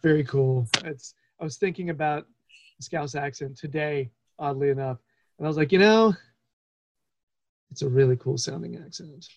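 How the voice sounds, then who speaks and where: A man's voice: a little high, normal speed, dry recording, rough recording. A man hosting a podcast, enthusiastic and stammering through restarts as he chats. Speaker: podcast host. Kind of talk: casual interview chat.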